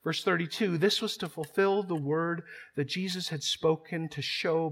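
High-voiced emphatic male preacher. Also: fairly even intonation, normal speed, a bit bright. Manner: emphatic preaching, repeats words when building a point. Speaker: pastor. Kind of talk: sermon.

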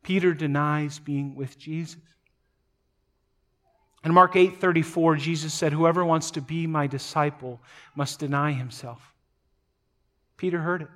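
Dramatic preacher man, rising and hushing. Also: fairly even intonation, unhurried, pauses often. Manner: dramatic, swings from loud emphatic passages to quiet low asides; repeats words as he speaks. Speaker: pastor. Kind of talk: sermon.

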